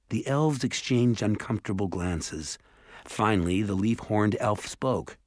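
A man narrating an audiobook in a calm, even storytelling manner. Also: on the low side, normal speed, no room sound, clean studio sound.

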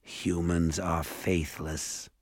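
Stern male elf voiced by a man, solemn, deliberate, very slow. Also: low-pitched, no room sound, clean studio sound. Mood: disdainful. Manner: slow, grave and accusing. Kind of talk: audiobook character voice.

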